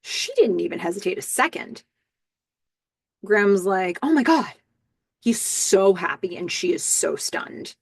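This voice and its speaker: A woman's voice: mid-range voice, measured pace, creaky, breathy edge, dry recording. Chatty woman podcaster, dry close sound. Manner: chatty, lots of fillers and "I don't know", excited outbursts. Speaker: podcast host recapping a TV episode. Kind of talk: casual recap, retelling scenes.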